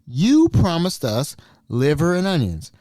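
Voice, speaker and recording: A man's voice: on the high side, huge pitch swings, unhurried, dark tone, dry recording, studio quality. A man voicing an insistent elderly woman resident who nags and accuses him. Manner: nagging, accusing.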